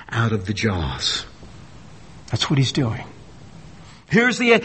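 A man preaching a sermon with dramatic swings between loud emphasis and hushed, low phrases. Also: big-room sound.

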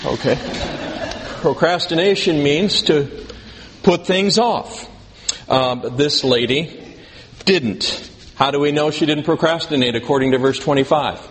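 The hall's long reverb and faint background noise surround a male pastor whose fairly high, fairly bright voice never hurries. Preaching conversationally, he quizzes the congregation and adds dry humor that pokes fun at himself.

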